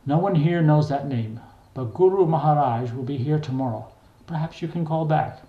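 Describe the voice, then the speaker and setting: A man's voice: fairly high pitch, normal speed, echoey room, phone-quality sound, close to an everyday voice. A man reading a memoir voices a polite temple office clerk on the phone with a British-style accent. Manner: polite, formal.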